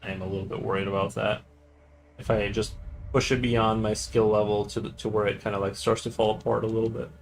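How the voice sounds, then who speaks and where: A man's voice: on the low side, flat delivery, fast, gravelly, faint music behind, poor audio. A young man streaming his drawing, chatting casually and rambling with many fillers and restarts. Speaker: artist streamer.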